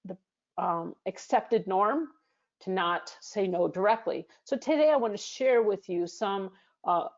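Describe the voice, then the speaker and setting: A woman's voice: mid-range voice, vocal fry, darkish tone. American woman explaining business english, lots of ums and restarts, kinda dull lo-fi sound. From United States. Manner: explanatory, with frequent fillers and restarts. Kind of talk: screen-share lesson.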